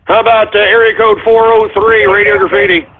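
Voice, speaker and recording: Ranting high-voiced man on a tinny line. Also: animated, brisk, background noise. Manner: profane, exasperated ranting. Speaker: radio show host. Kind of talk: talk radio hosting, taking voicemails.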